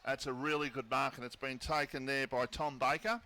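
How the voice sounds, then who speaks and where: A man with an Australian accent commentating a local football match on radio, relaxed and bantering between calls. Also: medium pitch, normal speed.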